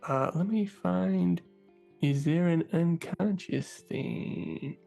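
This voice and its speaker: Excitable man running a tabletop game. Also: fairly high pitch, vocal fry, faint music behind. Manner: excitable, halting with many fillers. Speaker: game master.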